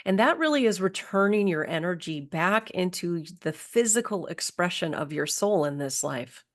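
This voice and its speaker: Soft-spoken woman guiding a healing exercise. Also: fairly low pitch, lively intonation. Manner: soft, slow, soothing guidance with affirmations. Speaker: spiritual healing coach. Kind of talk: guided somatic healing talk.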